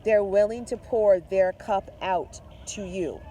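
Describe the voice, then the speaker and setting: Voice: medium pitch, slow, dark tone, a little hiss or hum. A tarot reader chatting to viewers while reading the cards, effusive and direct, mixing spiritual talk with slang and swearing. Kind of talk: casual tarot reading to camera.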